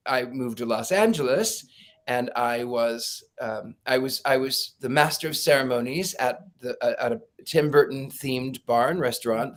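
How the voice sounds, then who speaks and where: A middle-aged man, a psychic guest in an interview, telling stories with animation and acting out quoted lines, laughing often. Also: medium pitch. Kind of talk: casual storytelling interview.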